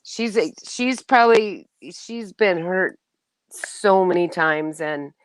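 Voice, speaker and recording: A woman's voice: lowish voice, takes it slowly, smooth, dry recording. Emotional, chatty woman streaming live. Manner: warm, emotional, laughs often, restarts sentences. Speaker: livestream host. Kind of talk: casual livestream chat.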